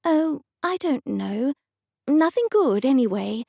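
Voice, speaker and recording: Woman narrator doing a vague, cheerful old aunt, higher voice. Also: very animated, slow, vocal fry, warm tone, no room sound, studio quality, full character voice. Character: dotty, unflappable older aunt.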